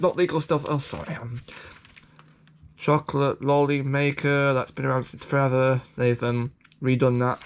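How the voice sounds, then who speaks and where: A vlogger flips through a toy catalogue, rambling in casual commentary, stumbling over restarts and tossing in self-deprecating asides. His medium-pitched voice keeps a fairly even intonation and moves a little slowly.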